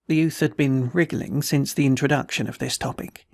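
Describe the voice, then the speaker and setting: A man reading a novel aloud in a steady, measured narration. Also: medium pitch, vocal fry, no echo, clean studio sound. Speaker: audiobook reader. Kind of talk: scripted narration.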